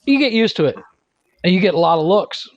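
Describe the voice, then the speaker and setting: A man in his thirties co-hosts a podcast, chatting casually, swearing freely and laughing at his own stories. His high-pitched voice is brisk with lively intonation, captured in dry, muffled lo-fi sound with background noise.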